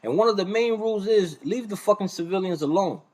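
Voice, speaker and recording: Man, high voice, angry reaction rant, profane, confrontational. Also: fairly quick, a little mellow. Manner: confrontational, profane, calls the other man son. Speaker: streamer reacting to a clip.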